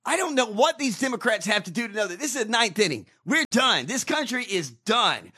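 A man on a podcast, ranting with profane, fired-up energy. His voice sits high and sounds sharp and bright, and it leaps around in pitch as he talks. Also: big pitch swings, a little fast, husky. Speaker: podcast host. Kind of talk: casual ranting chat.

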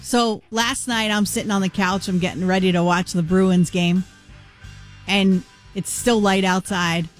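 A woman co-hosting a radio show, telling a story with lively acted-out dialogue. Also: medium pitch, unhurried, faint music behind. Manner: animated storyteller acting out both sides of a conversation. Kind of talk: casual radio chat.

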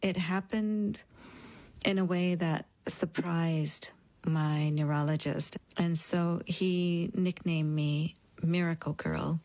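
Female guest, deep voice, soft reflective personal account. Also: steady tone, slow pace, dry recording, rough recording. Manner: quiet, reflective, at times near a whisper. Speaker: interview guest.

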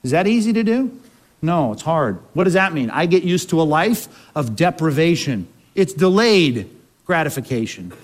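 A man's voice: a little high, very animated, moderate pace. A male pastor preaching a sermon in a conversational way, full of rhetorical questions.

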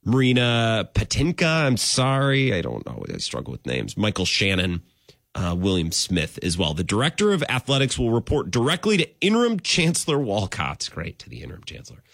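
A man hosting a sports talk radio show, rambling and animated with sudden jumps in pitch. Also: brisk, gravelly, no room sound, clean studio sound.

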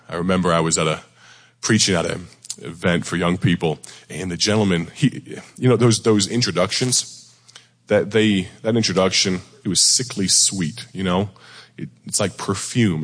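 Deep-voiced hoarse male preacher. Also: fairly even intonation, normal speed, in a large hall. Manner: folksy, conversational, self-deprecating. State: hoarse, near losing his voice. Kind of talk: sermon. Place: church sanctuary before a congregation.

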